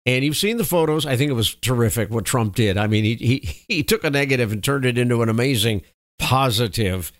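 A man's voice: medium pitch, brisk, dry recording, clean studio sound. A man hosting a political talk radio show in an emphatic, opinionated way.

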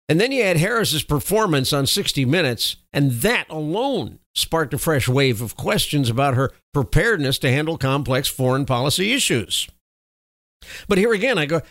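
A man's voice: a little high, fairly bright tone, dry recording. A male host giving emphatic, opinionated political commentary and correcting himself mid-thought.

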